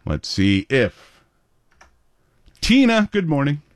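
A chatty man hosting a morning radio show, joking with callers. His pitch moves a lot, and his voice sounds dry and close in the studio. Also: huge pitch swings, slow, no room sound. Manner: jokey, chatty. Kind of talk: casual radio chat with callers.

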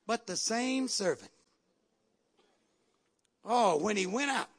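A man preaching a sermon with emphatic repetition and sudden shouted lines. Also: high voice, lively intonation, slow pace, pauses often, breathy edge. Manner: emphatic, repeats phrases, bursts into shouts.

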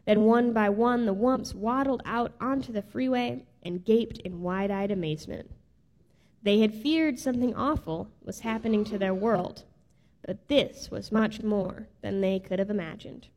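A woman reading a children's storybook aloud in an expressive, lilting way. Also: medium pitch, a little slow. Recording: reverberant hall.

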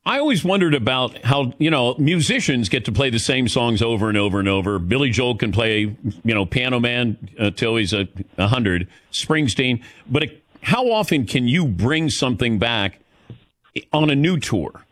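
A man's voice: mid-range voice, animated, normal speed, fairly bright tone. A man hosting a podcast, chatting casually, laughing easily and asking questions. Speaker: podcast host. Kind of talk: casual interview chat.

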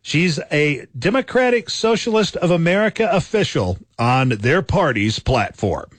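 A man's voice: fairly high pitch, big pitch swings, a little slow, dry recording. A man hosting a scripted radio countdown of soundbites in a punchy announcer style.

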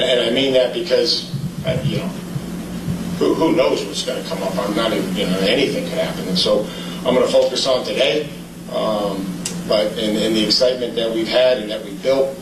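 Coach guy at a press conference, hedgy and halting, distant roomy audio with room noise. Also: medium pitch, fairly even intonation. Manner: halting, hedging with fillers. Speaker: football coach.

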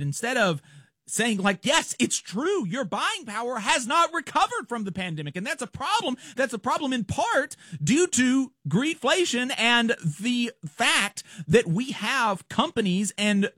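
A man hosting a political commentary show, talking casually, animated and scornful, laughing often. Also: a little high, dry recording, clean studio sound.

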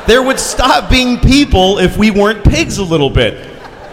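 Man, stand-up comic, crude storytelling, shouted punchlines, echoey room, audible noise. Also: high voice, big pitch swings, moderate pace. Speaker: comedian.

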